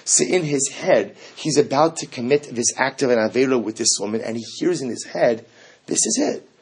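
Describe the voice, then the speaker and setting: A man teaching a Talmud class, quoting Hebrew texts and asking animated rhetorical questions. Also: mid-range voice, brisk, husky. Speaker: Torah teacher. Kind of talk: text-based Talmud class.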